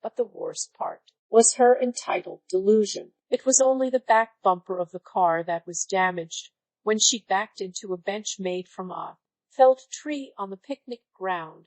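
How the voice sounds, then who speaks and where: A woman's text-to-speech voice reading online stories aloud in an even, synthetic-sounding delivery. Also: medium pitch, no room sound, low-quality recording. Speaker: story narrator.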